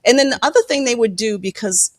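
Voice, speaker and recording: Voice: fast, dry recording. Candid, profane film producer telling stories. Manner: candid and profane, acts out quoted people with sharp pitch jumps. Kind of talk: candid interview storytelling.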